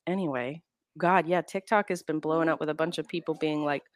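A woman's voice: low-pitched, fairly even intonation, brisk, no echo. A woman co-hosting a casual podcast who laughs often and acts out quotes in mocking voices. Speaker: podcast co-host. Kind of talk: casual chat.

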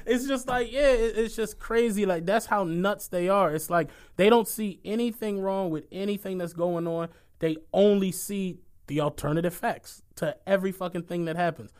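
High-voiced laughing podcast co-host, a man. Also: normal speed, hardly any pauses, darkish tone. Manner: loose, profane, laughs often, slangy. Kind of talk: casual chat.

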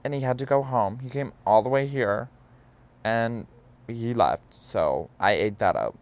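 A man's voice: mid-range voice, a little slow. A young man hosting a podcast, telling a personal story in a candid, profane way with dramatic exclamations. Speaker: podcast host. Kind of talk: casual storytelling monologue.

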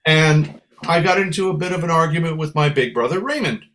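A man from San Francisco, a guest musician telling lively anecdotes in a casual interview. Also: fairly high pitch, brisk. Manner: lively storyteller, acts out voices.

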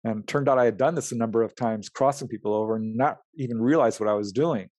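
Speaking at a quick pace with no room sound, a man with a mid-range voice shares stories in an interview. He's a UFO researcher and writer, and he animatedly plays out the dialogue he quotes, laughing as he goes.

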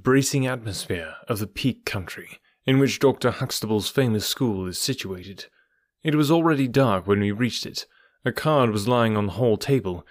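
A man reading an audiobook aloud as narrator, in a steady, even storytelling manner. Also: medium pitch, no echo, clean studio sound. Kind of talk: scripted narration.

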